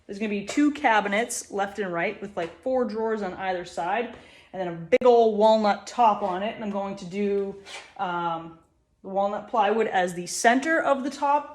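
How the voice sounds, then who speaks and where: A woman's voice: mid-range voice, moderate pace. A young woman and woodworker, talking casually to her camera from her small shop, chatty and upbeat, often laughing at herself. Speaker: woodworker and small business owner. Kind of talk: casual vlog talk to camera.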